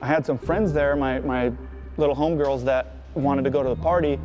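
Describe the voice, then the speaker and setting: A man's voice: mid-range voice, steady tone, brisk, darkish tone. A man recounting his past in an interview, talking casually and profanely, with "right?" and "you know" all through. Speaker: skateboarder.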